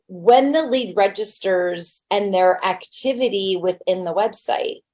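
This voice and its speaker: A woman's voice: medium pitch, a little mellow. A woman who works as a real estate agent, giving a casual webinar talk in a blunt, conversational way and using homely everyday examples.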